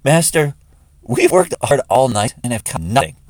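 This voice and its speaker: A man's voice: mid-range voice, big pitch swings, moderate pace, no echo, pitched above the performer's own voice, close to an everyday voice. A man voicing the fisherman Simon, a grown man, with raised, strained cries. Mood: weary.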